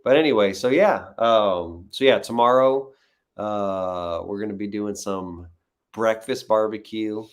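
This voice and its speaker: A man's voice: on the low side, unhurried. A man, a visiting guest, chatting casually on a live stream and telling rambling stories full of fillers. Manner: rambling, filler-heavy storytelling.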